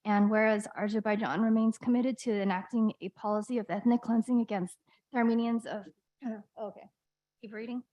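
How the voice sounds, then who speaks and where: A woman trustee reading a resolution aloud at a board meeting, stumbling over words and clearing her throat often. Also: fairly high pitch, steady tone, fast talker, warm tone, poor audio.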